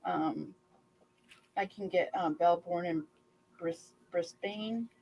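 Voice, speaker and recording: A woman in her fifties hosting a crafting channel, chatting casually and rambling with many pauses. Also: on the low side, steady tone, gravelly, a little mellow, highs cut off, a little hiss or hum. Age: 50s. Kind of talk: casual chat on a video call.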